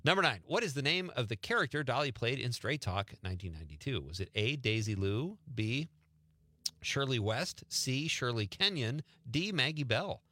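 Man, radio host, joking and teasing, very animated pitch, bright tone, dry studio sound. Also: normal speed, no echo. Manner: joking, teasing, laughs often. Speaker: radio talk show host. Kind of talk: casual radio quiz chat.

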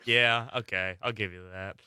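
A man co-hosting a morning radio show, trading quick, wry banter with the host. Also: fairly low pitch, fairly even intonation, sharp tone, clear, resonant tone, no room sound, clean studio sound.

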